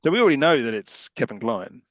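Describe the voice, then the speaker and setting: A man co-hosting a podcast at a fast clip, riffing sarcastically on a film's flaws and swearing freely. His pitch sits in the middle range. The sound is dry and close to the mic. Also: big pitch swings, dry recording. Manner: quick-fire ranting, sarcastic, swears a lot. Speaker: podcast co-host. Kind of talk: casual film-recap chat.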